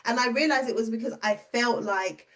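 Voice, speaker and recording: Woman telling a story with lively pitch jumps. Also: moderate pace. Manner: lively, acts out quoted dialogue with pitch jumps. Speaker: podcast guest, business owner and coach. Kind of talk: casual storytelling conversation.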